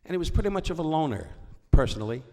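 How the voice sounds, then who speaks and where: An older New York comedian, a guest on a stage before a live audience, tells rambling, wisecracking stories and keeps interrupting himself. His voice is fairly high and a little mellow, swinging widely in pitch as he talks very fast.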